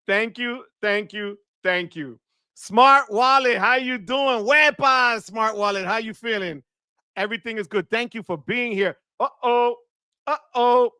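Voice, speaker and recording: A man hosts a live stream and thanks viewers with loud bursts of excitement. His voice sits high and sounds bright. The recording is dry and close, with no room sound. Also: measured pace, smooth, no room sound. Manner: enthusiastic, shouts "wepa" often. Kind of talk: live stream super chat shout-outs.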